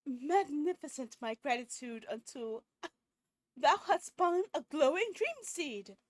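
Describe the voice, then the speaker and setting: A woman doing a slow, highbrow lady critic. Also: huge pitch swings, a little mellow, full character voice. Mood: courtly. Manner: archaic, highbrow speech, slow and drawn out. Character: refined, theatrical female visitor, a gentle critic.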